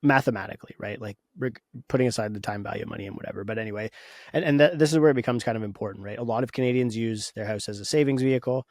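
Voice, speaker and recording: A man's voice: medium pitch, very fast, darkish tone, no echo, clean studio sound. A man co-hosting a podcast in casual discussion, opinionated and thinking aloud with frequent restarts. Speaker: podcast co-host.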